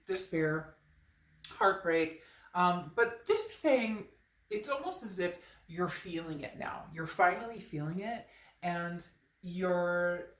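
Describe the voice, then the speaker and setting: Woman, tarot reader, lower voice, stuffy nose, emphatic casual talk, echoey room. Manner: emphatic, conversational, talks straight to the viewer. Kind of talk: tarot reading monologue.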